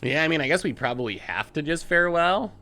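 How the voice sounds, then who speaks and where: A man's voice: on the high side, lively intonation, quick pace, pushed and bright. A man hosting a show, giving casual commentary on a card game as he plays, chatty and laughing often. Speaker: host.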